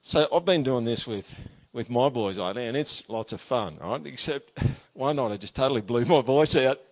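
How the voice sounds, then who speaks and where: A pastor giving a sermon, reading scripture aloud with emphasis and talking to the listener in a conversational way with frequent tag questions. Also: male voice, medium pitch, lively intonation, moderate pace.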